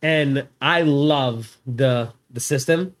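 A man's voice: medium pitch, slow pace. A man talking casually as a guest in a garage podcast, repeating words as he goes. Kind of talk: casual chat.

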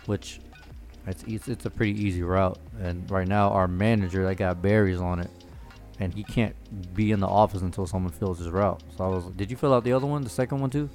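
A man, a slightly low voice and faint music behind him. He chats casually, swearing freely and telling stories, often breaking into laughter. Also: brisk, darkish tone. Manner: profane storytelling, laughs often. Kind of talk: casual chat.

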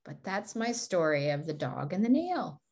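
A woman's voice: fairly low pitch, sing-song, moderate pace, a little mellow. A woman co-hosting a motivational talk show, telling stories and laughing often. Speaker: podcast co-host.

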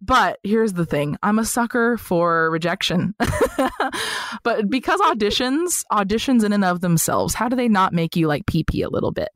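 A woman's voice: medium pitch, lively intonation, moderate pace, no room sound, clean studio sound. A young adult woman talking casually as a podcast guest, bubbly and chatty, laughing often. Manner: bubbly, chatty, full of laughs and filler likes. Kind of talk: casual chat.

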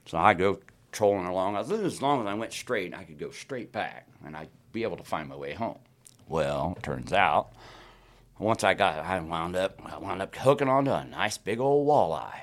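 Man, very deep voice, lively up-and-down delivery, casual podcast storytelling, laughs along. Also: normal speed. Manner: animated, acts out his own quotes, laughs through the story. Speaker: guest storyteller.

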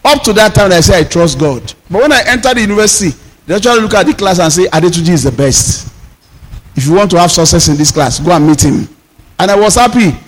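A male pastor delivering a sermon, drawing out emphatic declarations slowly. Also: sits high, expressive. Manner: preaching with emphatic slowed declarations. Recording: long reverb of a hall.

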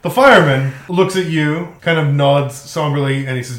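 A man's voice: a little high, normal speed, few pauses. A man running a tabletop game as game master, narrating casually with plenty of ums. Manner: casual, rambling with many ums and laughs. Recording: roomy echo.

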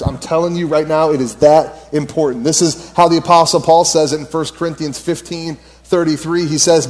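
A man's voice: a little high, steady tone, moderate pace, few pauses. A man in his thirties preaching a conversational sermon as pastor, telling stories and repeating key phrases for emphasis.

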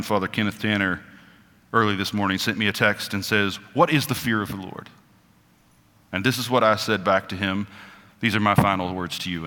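Male pastor, bright forceful tone, chatty humor and slow emphatic scripture reading, long church reverb. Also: mid-range voice. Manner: conversational and joking, slowing down for emphatic scripture reading. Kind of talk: sermon. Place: church sanctuary.

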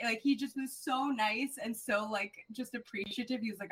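A young adult woman, a sports reporter, chatting casually on a podcast, animated and quick to laugh as she tells stories. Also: a little high, low-quality recording.

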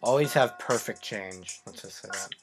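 A man's voice: fairly low pitch, moderate pace, over loud music. A teenage boy hosting a casual group chat, rambling with lots of "like" fillers and frequent laughs. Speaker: host.

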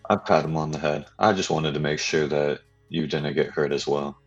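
A man's voice: rumbling low, steady tone, moderate pace, muffled recording, soft background music. A man playing a character in a tabletop role-playing game, speaking earnestly in character. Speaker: player.

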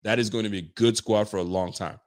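A man with a lowish voice hosts a casual football live-stream, reading out viewer comments. He talks fast and slangy, swearing, laughing, and getting excited.

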